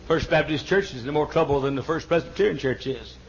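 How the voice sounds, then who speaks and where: An older man preaching a sermon in a church, emphatic, stammering into repeats and rising to sudden shouts. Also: a little high, slight background noise. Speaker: pastor. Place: large church auditorium. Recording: dull lo-fi archival sermon tape.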